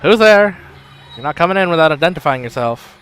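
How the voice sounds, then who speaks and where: A man's voice: medium pitch, quick pace, fairly bright tone, natural voice. A man voicing a firm, guarded village father protecting his home. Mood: stern.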